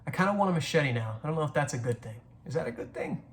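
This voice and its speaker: A man's voice: fairly high pitch, lively intonation, very fast. Rambling young man telling stories. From Southern US. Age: 20s. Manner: rambling, profane, restarts a lot. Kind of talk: casual storytelling monologue.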